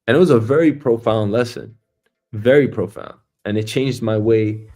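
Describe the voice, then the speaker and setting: A man's voice: fairly low pitch, moderate pace, mellow, faint music behind. A man hosting a news talk stream as a comedian, rambling and swearing freely, with lots of filler words. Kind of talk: casual profane commentary.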